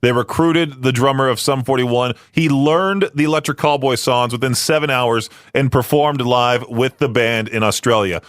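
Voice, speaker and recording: A man's voice: medium pitch, moderate pace, hardly any pauses, no echo, studio quality. A man hosting a radio podcast, chatting casually about news in a rambling way, with plenty of fillers and restarts. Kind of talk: casual talk-show commentary.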